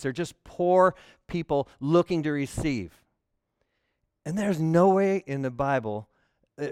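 A man preaching a sermon to a congregation, animated and humorous, acting out the voices of churchgoers to make his points. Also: mid-range voice, dry recording, studio quality. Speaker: pastor.

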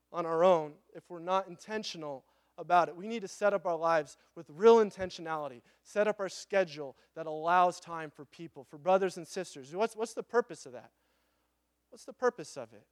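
A pastor preaching a conversational sermon, acting out little quoted voices and joking asides. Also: male voice, high-pitched, fairly bright tone, no room sound, clean studio sound.

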